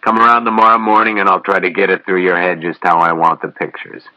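A man reading an audiobook, voicing a gruff, pushy middle-aged male boss who talks bluntly and makes demands. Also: deep voice, level tone, quick pace, pushed and bright, no room sound, muffled recording. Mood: grudging.

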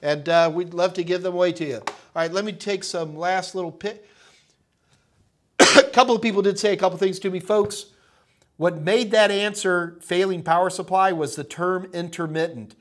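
This man hosts a live tech Q&A stream, chatty and upbeat, addressing viewers as folks. He has a nagging cough and sounds slightly hoarse. His voice is high, steady in tone, and at normal speed.

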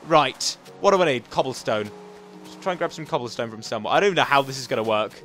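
A man's voice: medium pitch, quick pace, soft background music. Young guy doing game commentary, bouncy voice that swings up and down, keeps tripping over his words. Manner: chatty and rambling, with frequent self-corrections; excitable, coaxing the game character aloud. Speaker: gaming channel host. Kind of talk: let's play commentary.

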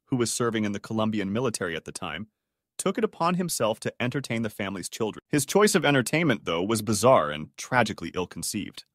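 Male narrator for dramatic story readings; expressive, swinging pitch, close dry sound. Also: no echo.

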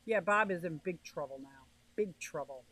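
A woman from the northeastern United States hosts a casual livestream, chatting and greeting viewers by name as she reads their comments. Her voice is lowish and fairly bright at a normal speed, and the recording is rough.

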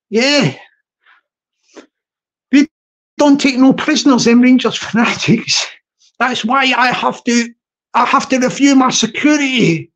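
A man's voice: extremely high pitch, muffled recording. A man chatting casually on a live stream, rambling and repeating himself, laughing at his own jokes. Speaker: livestream host.

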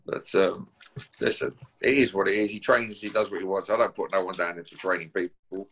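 A man's voice: deep voice, level tone, a little fast, a bit bright, breathy edge. A man from Essex with an Essex accent, a guest boxer on a call, talking in a brash, taunting, swearing way. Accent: Essex English. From Essex, England. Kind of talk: casual call-out chat.

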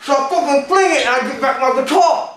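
A foul-mouthed, high-voiced rockstar. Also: male voice, quick pace, slight background noise. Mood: boastful rambling. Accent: London. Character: foul-mouthed London rockstar denying he kills. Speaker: interview guest. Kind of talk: comedy sketch. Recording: very echoey, from far off.

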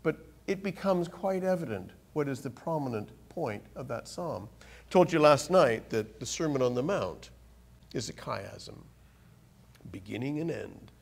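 A man giving a sermon in a church as a guest speaker, animated, with sudden rises in pitch and loudness, often repeating and restarting words. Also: creaky, husky.

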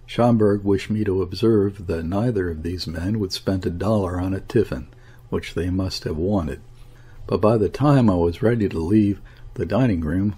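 A man reading a classic novel aloud as an audiobook narrator, in measured, steady storytelling. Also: deep voice, breathy edge. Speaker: audiobook reader. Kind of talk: scripted narration.

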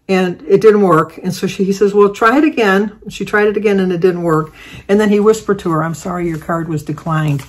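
An older woman chatting through a long personal story in a vlog. She rambles, circles back and restarts her sentences with plenty of fillers. Her pitch sits in an ordinary middle range for a woman. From Michigan, United States. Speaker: vlogger. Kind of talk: casual storytelling.

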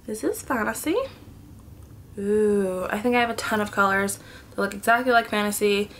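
A woman's voice: medium pitch, moderate pace, slight background noise. Chatty woman swatching lipsticks at home. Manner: chatty, thinks aloud, often drops to soft murmurs and whispers. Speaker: beauty vlogger. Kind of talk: casual product swatching vlog. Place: indoors at home, sitting on the floor.

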